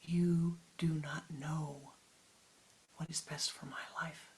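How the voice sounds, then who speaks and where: A woman's voice: low-pitched, flat delivery, slow, a little hiss or hum, low-quality recording. A woman as a heartbroken pleading young son. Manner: pleading, soft-spoken.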